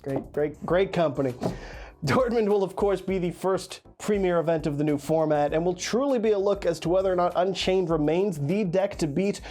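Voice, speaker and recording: A man's voice: high-pitched, fairly quick, few pauses, darkish tone, soft background music. A man hosting a card game news show, congested from being sick, talking with dry sarcasm. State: congested from illness. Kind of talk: scripted news commentary.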